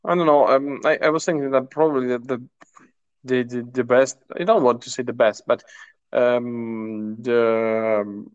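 A man's voice: medium pitch, fairly even intonation, a little slow, clean tone, dry recording, muffled recording. A man co-hosting a casual chat about a tabletop game, hesitant, with many fillers and restarts. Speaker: podcast co-host.

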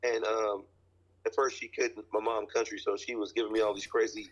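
Husky man telling a rambling story. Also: lowish voice, little pitch movement, a little fast. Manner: rambling, joking, laughs as he talks. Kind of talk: casual storytelling chat. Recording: dull lo-fi sound.

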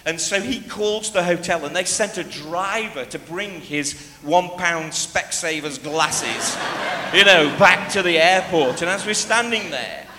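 Lively preacher in an echoey hall. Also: male voice, high voice, unhurried, noisy background. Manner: lively storyteller, breaks into shouts when re-enacting. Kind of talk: sermon with personal storytelling. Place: church hall. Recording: echoey hall, faint ambience.

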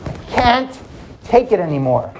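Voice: mid-range voice, very animated, unhurried, a little mellow, slight background noise. A storyteller voicing an exhausted sixteen-year-old boy who has had enough, weary but resolved. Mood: fed up. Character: exhausted teenage boy fed up with home.

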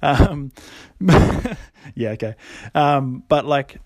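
A man's voice: a little high, lively intonation, extremely slow, darkish tone, no room sound. Rambling young guy podcasting. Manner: rambling, lots of fillers, laughs often. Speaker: podcast host. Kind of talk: casual podcast monologue.

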